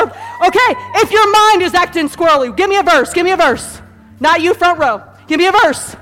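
A woman preacher giving an energetic sermon and calling on the congregation to repeat phrases, laughing often between points. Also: very high-pitched, fairly quick. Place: church hall with a congregation. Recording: hall reverb, faint background music.

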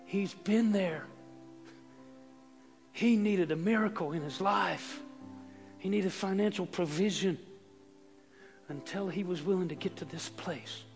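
A man preaching a sermon as pastor, swinging from hushed asides to shouted emphasis. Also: high-pitched, unhurried, gravelly, long pauses, long reverb tail, faint music behind. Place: church sanctuary.

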